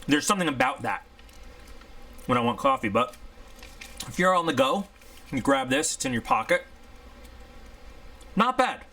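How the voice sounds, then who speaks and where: Man, casual gear reviewer; bright, forward tone, chatty and candid, rambles freely. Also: fairly high pitch. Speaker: product reviewer.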